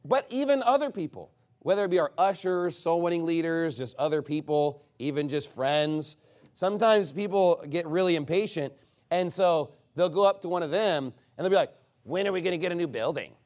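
A man preaching a sermon in a lively, sarcastic way, with a voice that sits somewhat high for a man. He throws rhetorical questions at the congregation and jabs at them with dry asides. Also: normal speed. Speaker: pastor.

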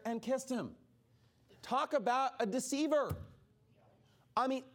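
A man teaching an informal Bible study sermon in a casual way, acting out the people he quotes. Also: high voice. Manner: animated, acts out quoted speakers; casual, many "like" fillers.

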